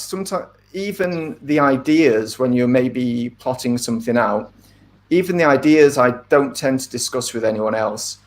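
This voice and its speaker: A middle-aged man talks through his craft in a casual interview. His delivery is thoughtful and measured, sprinkled with ums and side remarks. His voice sits at an everyday middle pitch. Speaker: author being interviewed.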